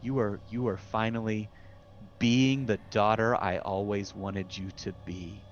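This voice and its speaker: A man's voice: fairly low pitch, steady tone, a little slow, lightly acted. A man voicing a proud, old-fashioned father of the bride who speaks earnestly and stumbles over his words. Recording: dull lo-fi recording with faint hiss.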